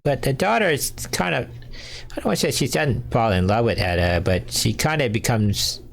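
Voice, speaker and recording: A man's voice: fairly low pitch, vocal fry. A man hosting a livestream, rambling casually with lots of fillers and frequent chuckles. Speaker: fan fiction writer hosting a livestream.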